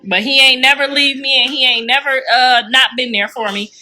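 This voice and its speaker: A middle-aged woman with a high, bright, froggy voice that sounds a little like Kermit the Frog. She chats animatedly and casually to her livestream viewers, calling them y'all and laughing often. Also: fairly even intonation, moderate pace, faint music behind. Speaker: livestreamer and mother.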